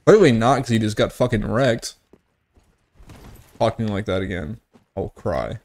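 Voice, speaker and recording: A man's voice: fairly low pitch, expressive, measured pace, a little mellow. A young man giving casual, profane gameplay commentary, joking and tipsy from whiskey, with sudden outbursts at the game. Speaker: gaming streamer.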